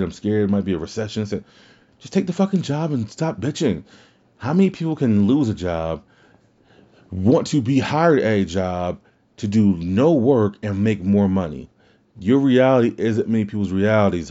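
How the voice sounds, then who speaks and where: A man's voice: fairly low pitch, mellow. A man hosting a podcast, ranting casually and bluntly, swearing freely. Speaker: podcast host. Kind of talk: casual rant on wrestling. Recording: dull lo-fi audio.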